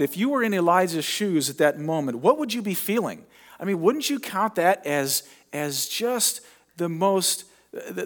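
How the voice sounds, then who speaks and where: A middle-aged male pastor preaching a sermon, retelling a story in a conversational way with dramatic pauses. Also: fairly high pitch.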